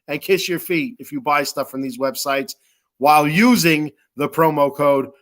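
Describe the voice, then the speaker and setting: A man's voice: a little high, normal speed, a bit bright. A man hosting a sports podcast, reading sponsor ads in a rambling, joking way with lots of fillers. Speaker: podcast host. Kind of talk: casual sponsor reads.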